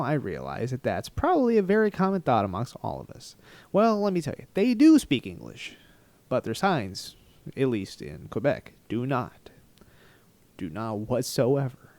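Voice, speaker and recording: A man telling a travel story in a rambling, animated, self-mocking storytime vlog style. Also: mid-range voice, no room sound. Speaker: travel vlogger.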